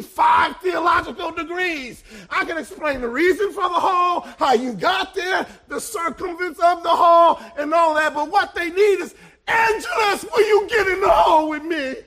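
A man preaching a sermon as pastor, building to loud shouted peaks and then dropping to hushed lines. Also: very high voice, moderate pace, few pauses. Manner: preaching with swelling shouts and sudden hushed drops.

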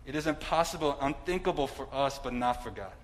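A man's voice: mid-range voice, animated, brisk, low-quality recording. A man preaching a sermon in a conversational way, with asides and some humor.

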